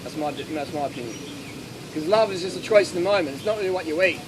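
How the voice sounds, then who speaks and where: A man with a high, light voice chats casually through an audience Q&A, spinning lively anecdotes and voicing the people in them. The outdoor recording is full of steady background noise. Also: fast. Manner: anecdotal, animated, acts out quotes. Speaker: speaker answering audience questions. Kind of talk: casual Q&A talk. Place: outdoor festival.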